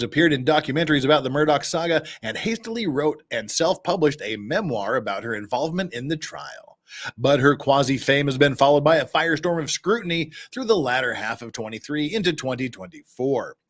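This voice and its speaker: A man with a Utah accent hosting a casual live stream, reading news articles aloud and breaking off into sarcastic asides. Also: medium pitch. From Cache Valley, Utah. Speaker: host.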